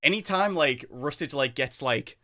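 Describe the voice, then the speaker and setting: A man's voice: medium pitch, normal speed. A man hosting a reaction video, chatting casually and loosely, swearing now and then and filling his talk with lots of "like". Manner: relaxed, swears casually, many filler likes.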